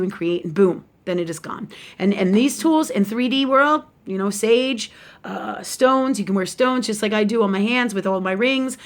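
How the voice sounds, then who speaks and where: A woman in the middle of a casual live video talk on spiritual matters. She rambles, restarts her sentences and speaks frankly, with casual swearing. Her pitch sits in an ordinary middle range. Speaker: spiritual teacher and shop owner.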